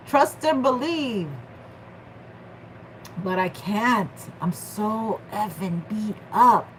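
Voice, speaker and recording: A woman's voice: medium pitch, animated, very slow, long pauses, a little hiss or hum, poor audio. A woman doing a casual tarot reading vlog, playful and slangy, joking with her viewers. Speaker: tarot reader.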